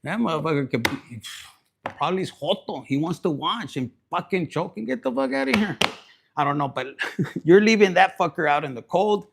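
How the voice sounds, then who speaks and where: Rowdy high-voiced tarot man. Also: sing-song, normal speed, gravelly, breathy edge. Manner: profane, rowdy, slips into Spanish. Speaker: tarot reader. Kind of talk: loose crude tarot reading chat.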